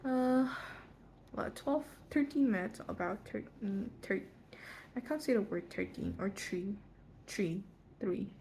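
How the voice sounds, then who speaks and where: A woman's voice: on the high side, expressive, measured pace, gravelly, darkish tone, slight background noise. Rambling teen girl telling a story. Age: teens. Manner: rambling, full of "like" and self-corrections. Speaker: vlogger. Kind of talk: casual storytelling vlog. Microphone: front phone camera.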